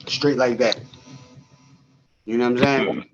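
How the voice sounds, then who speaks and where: A man co-hosting a podcast, telling a story in casual, profane, animated chat and laughing often. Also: mid-range voice, unhurried, highs cut off, over music. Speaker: podcast co-host.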